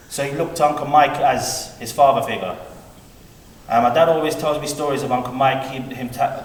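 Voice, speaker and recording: A man giving a rambling, heartfelt eulogy for his uncle, heard from a distance at a funeral service. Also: mid-range voice. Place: large hall at a funeral service. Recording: echoey hall, heard from afar, faint room noise.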